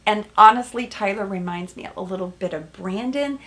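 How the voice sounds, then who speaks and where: A woman therapist hosting a casual recap of a reality show, animated and emphatic, with frequent "right?" asides. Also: mid-range voice, moderate pace.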